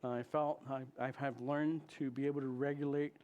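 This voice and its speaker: A man who is a chaplain, telling a story of his trip to a congregation in an animated way and acting out the dialogue. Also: normal speed, muffled recording. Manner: animated, acts out dialogue with big jumps in pitch and volume. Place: church.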